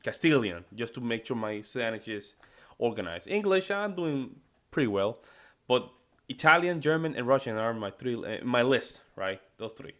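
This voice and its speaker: American guy, reaction host, mid-pitched, rambling, casual commentary. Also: very animated, moderate pace, fairly bright tone. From United States. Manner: loose, repeats himself, ends lines with "man" and "right?".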